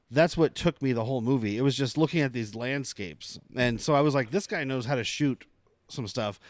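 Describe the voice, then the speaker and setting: Brief: male podcast host, smooth resonant voice, dry close mic, chatty and rambling. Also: medium pitch, no echo. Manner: chatty, laughs often, rambling asides. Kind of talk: casual film podcast chat.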